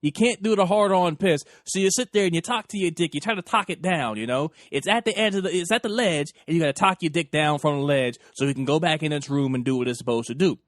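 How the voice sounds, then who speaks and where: A young man with a fairly high voice hosts a podcast, spinning a raunchy story in loose, profane bursts. He slips into the voices of the people he quotes. The sound is close and dry, with no room around it. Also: quick pace, few pauses, no room sound. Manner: animated, profane, acts out quoted lines. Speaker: podcast host. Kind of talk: crude storytelling monologue.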